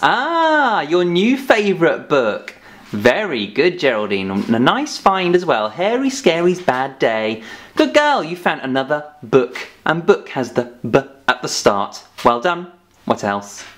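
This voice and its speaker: A man's voice: fairly high pitch, big pitch swings, unhurried, a bit bright. A man presenting a children's phonics lesson, scolding a puppet playfully with a sing-song delivery.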